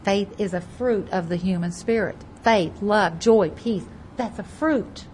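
A woman delivers a Bible teaching sermon in a mid-range voice, leaning hard on key words and repeating them. She swings between loud, pressing emphasis and soft, lowered phrases as she reads scripture aloud. Faint ambience sits behind her. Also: unhurried, a little hiss or hum, low-quality recording. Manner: reads scripture aloud in King James wording. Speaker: preacher.

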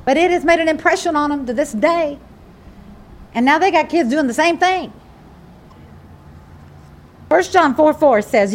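Animated high-voiced woman preaching. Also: moderate pace, long pauses, slight background noise. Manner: animated, emphatic, repeats phrases. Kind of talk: sermon.

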